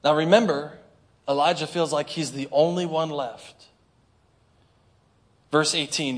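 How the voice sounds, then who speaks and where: An animated male pastor delivers a sermon in a fairly high voice. He breaks into whiny complaining prayers and calls for responses from his congregation. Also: moderate pace. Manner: talks straight to the congregation with call-and-response.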